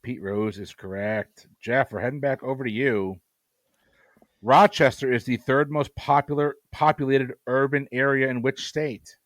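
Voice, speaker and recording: A man in a middle pitch reads trivia questions and confirms answers. His humor is dry and teasing. The recording is dry and close, with no room echo. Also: fairly even intonation, moderate pace. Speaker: trivia quizmaster. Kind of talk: reading trivia questions, joking.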